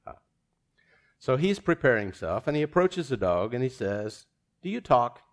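Brief: lay preacher, casual sermon in church, jokey asides, average pitch. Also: male voice, sing-song, normal speed. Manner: casual, self-deprecating, chuckling asides.

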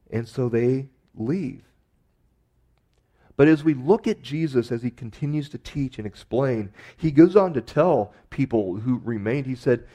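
A man's voice: medium pitch, dark tone. A man preaching a sermon in a conversational way, with emphatic rises on key phrases. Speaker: pastor.

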